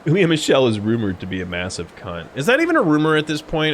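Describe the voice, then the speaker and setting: A man's voice: on the high side, wildly swooping pitch, fast, few pauses, slight background noise. A man streaming a video game live, rambling in casual, profane, joking commentary. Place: home streaming setup. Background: faint game music.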